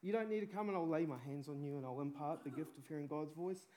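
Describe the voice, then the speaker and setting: Fervent high-voiced male preacher. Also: fast, mellow, slight background noise. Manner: fervent, urgent preaching with casual slang. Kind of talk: sermon.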